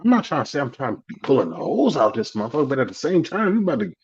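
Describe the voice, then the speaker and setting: A man's voice: medium pitch, sing-song, racing, slightly rough, highs cut off. A man co-hosting a podcast, telling a story in casual chat, profane, acting out the people he quotes. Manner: acts out quotes in voices, profane. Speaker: podcast co-host.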